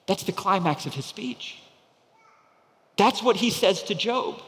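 A man preaching a sermon, swinging from loud proclaiming to hushed, near-whispered lines. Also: high-pitched, expressive, a little slow, long pauses, in a large hall. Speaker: pastor.

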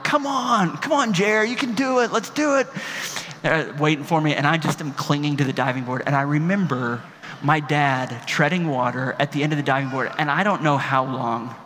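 A man's voice: medium pitch, fairly even intonation, a little fast, a bit bright, big-room sound, slight background noise. A man preaching a sermon as a pastor, emphatic and building to impassioned peaks, speaking in a large room.

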